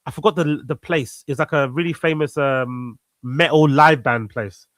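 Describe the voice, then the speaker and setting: A man's voice: a little high, moderate pace, fairly bright tone, dry recording. A man chatting casually as a guest on a live stream, laid-back and rambling, swearing now and then. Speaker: guest, fellow show host.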